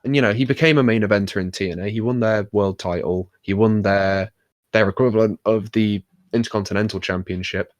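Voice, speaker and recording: A man's voice: fairly low pitch, steady tone, fairly quick, dry recording. A young man hosting a casual podcast, talking in a rambling, wry way full of fillers. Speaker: podcast host. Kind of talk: casual chat about wrestling.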